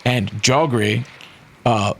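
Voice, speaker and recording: A man narrating a tabletop game as game master, in an animated, casual storytelling way with frequent fillers. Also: mid-range voice, slow pace, a little hiss or hum.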